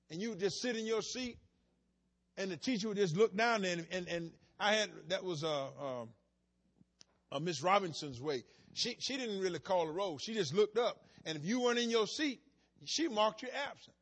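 A man in the pulpit with a fairly high, husky voice, preaching a sermon. He drops into soft, chatty asides, then climbs to loud, shouted emphasis. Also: lively intonation, moderate pace. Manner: preaching with sudden shouted rises and quiet asides. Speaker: pastor.

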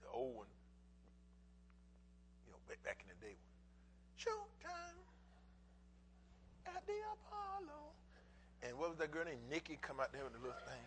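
A middle-aged male pastor preaching a sermon in folksy bursts, repeating words for emphasis and swinging from quiet asides to shouts. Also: mid-range voice, animated, quick pace, pauses often, a little hiss or hum, rough recording.

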